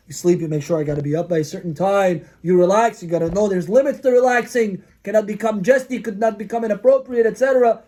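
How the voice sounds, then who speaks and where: High-voiced rabbi telling lively stories. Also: male voice. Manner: animated, acts out characters in the stories. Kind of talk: storytelling sermon.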